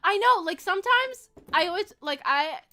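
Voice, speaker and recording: Bright, high-pitched young woman streamer. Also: expressive, normal speed, soft background music. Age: 20s. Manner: bubbly, giggly, rambling with many fillers. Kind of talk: casual livestream chat while gaming.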